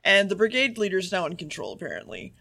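A man's voice: sits high, very animated, fast, vocal fry, bright, forceful tone. A man co-hosting a podcast, casually recapping an episode, swearing freely and acting out the characters' lines. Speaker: podcast co-host.

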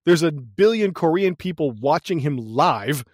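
A man co-hosting a podcast, recapping a movie in casual chat, animated and profane, laughing often. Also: on the high side, measured pace, no echo, clean studio sound. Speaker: podcast co-host.

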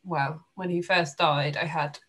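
A woman's voice: low voice, steady tone, a little slow, fairly bright tone. A young adult woman from England hosting a podcast, chatting in a heartfelt way with lots of "like". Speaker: podcast host. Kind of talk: casual chat.

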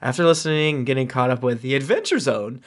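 A man's voice: mid-range voice, animated, quick pace. A man hosting a casual podcast, reading listener reviews aloud and breaking off into jokey asides and chuckles. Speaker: podcast host.

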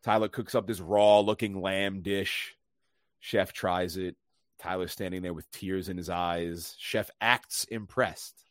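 A lower-pitched man talks into a close, dry mic. He hosts a casual movie podcast and retells scenes with animated quoted dialogue. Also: slow, no echo. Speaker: podcast host.

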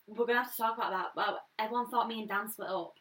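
Bright young woman, set back from the mic. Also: mid-range voice, fast, far from the mic, slight background noise. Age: 20s. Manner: rambling, interrupts, swears casually. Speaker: podcast co-host. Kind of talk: casual chat.

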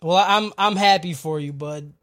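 Joking, crude American podcast host. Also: male voice, a little high, moderate pace, pushed and bright. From United States. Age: 30s. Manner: crude, joking, laughs often. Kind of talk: casual podcast chat.

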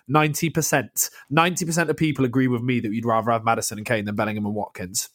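Young man, casual football chat, excitable, swears, dry studio sound. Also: medium pitch, racing, hardly any pauses, no echo. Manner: animated, swears, laughs often. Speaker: podcast co-host.

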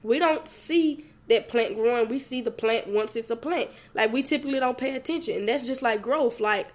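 A woman's voice: on the high side, normal speed. A young woman hosting a faith podcast, talking earnestly and tearfully to her listeners in a casual conversational way. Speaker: podcast host. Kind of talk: personal faith reflection.

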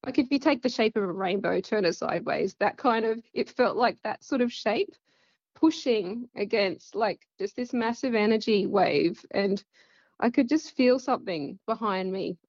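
A woman's voice: mid-range voice, moderate pace, a little mellow, no echo, dull audio. A woman with an Australian accent, telling a personal story in a casual, rambling way full of fillers. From central west Queensland, Australia. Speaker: guest.

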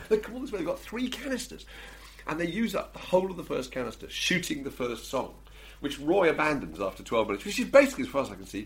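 A professional broadcaster tells a comic anecdote on a chat show, laughing often and acting out what the people in his story said. His voice is a little high.

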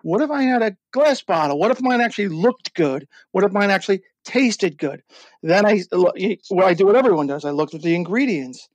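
An excitable man with a high voice, recorded dry and close, tells his story as an interview guest. He trips over his words and restarts often, then pushes on with enthusiasm. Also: a little fast, no room sound. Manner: excited, with many stumbles and restarts. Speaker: guest, drink brand founder. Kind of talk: animated storytelling in a podcast interview.

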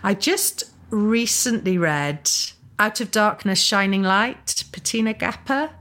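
A woman's voice: medium pitch, lively intonation, slow, a bit bright. A woman in her fifties, a guest author, chatting casually and self-deprecatingly in an interview. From Wales. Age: 50s.

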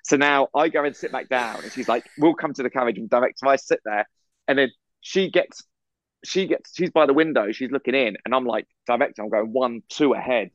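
Fast-talking man on a video call. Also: medium pitch, no echo. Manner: rambling, animated, fast anecdote-telling with restarts. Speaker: podcast co-host. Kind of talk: casual storytelling chat. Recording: slightly muffled video call audio.

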